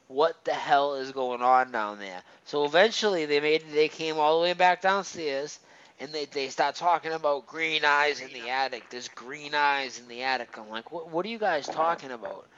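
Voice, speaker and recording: Smooth-voiced man rambling through a ghost story. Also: fairly high pitch. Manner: rambling, animated ghost story with many fillers and restarts. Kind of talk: casual storytelling. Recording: slightly dull, muffled recording.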